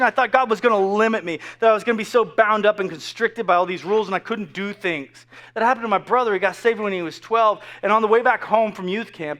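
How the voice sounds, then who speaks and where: A pastor delivering an earnest, animated sermon, stumbling over restarts and repeated words, and dropping to a hush for quoted whispers. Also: male voice, high-pitched.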